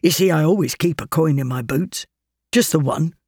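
A narrator voicing a cold, hungry, angry man who grumbles and stammers with outrage, pushed higher and louder than the narration. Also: moderate pace, breathy edge, no echo, studio quality. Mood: proud.

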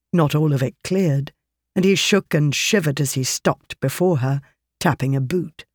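An audiobook narrator reading a story in a steady, measured way. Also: medium pitch, no room sound, clean studio sound. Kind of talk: scripted narration.

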